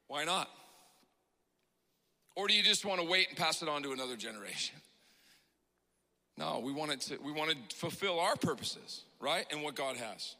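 Bright-voiced, emotional preaching man. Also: on the high side, in a large hall. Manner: emotional, preaching with rising passion and shouts. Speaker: pastor. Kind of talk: sermon. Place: church hall.

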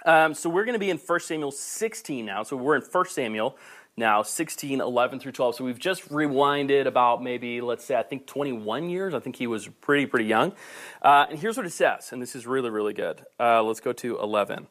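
A man preaching a sermon, passionate and building to near-shouting before softening, with playful asides to the camera. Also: mid-range voice, lively intonation, brisk. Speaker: pastor. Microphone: camera recording.

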